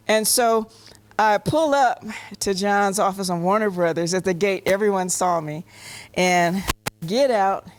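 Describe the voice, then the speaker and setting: An older woman, a panel guest, telling a comic story and slipping into gruff male voices for the quotes. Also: medium pitch. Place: convention panel room.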